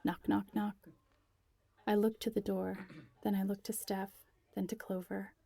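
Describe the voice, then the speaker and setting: A woman's voice: mid-range voice, level tone, a little slow, gravelly, dark tone, husky. A woman reading a first-person story aloud in an intimate way, often close to a whisper. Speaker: narrator.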